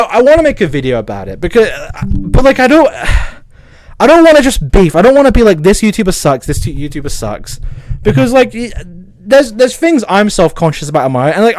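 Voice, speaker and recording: Excitable high-voiced English man ranting. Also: moderate pace. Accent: Southern English. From south of England. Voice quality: stutters. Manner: angry, swearing, excitable. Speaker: streamer. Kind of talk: casual livestream rant.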